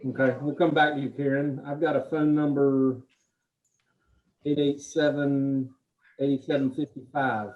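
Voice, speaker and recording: A man with a Southern US accent runs the introductions on a video call, moving briskly from one person to the next. His voice comes through a tinny, phone-like line at an ordinary middle pitch. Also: little pitch movement. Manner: brisk, calling on each person in turn. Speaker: meeting moderator.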